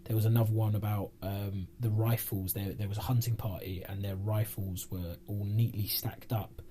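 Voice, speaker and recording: A man's voice: on the low side, fairly even intonation, normal speed, warm tone. A man co-hosting a paranormal podcast, reading out a case in a rambling casual way, often laughing. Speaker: podcast co-host.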